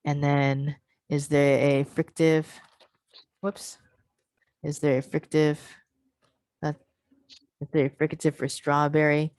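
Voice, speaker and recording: A woman presenting an online workshop for English teachers over a video call. She explains step by step and models sounds with slow, drawn-out syllables. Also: deep voice, flat delivery, darkish tone, no echo.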